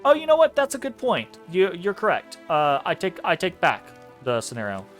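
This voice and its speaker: A man's voice: sits high, wildly swooping pitch, moderate pace, soft background music. A man hosting a let's play, chatting casually and reading game dialogue aloud. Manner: casual, swears, laughs at the script.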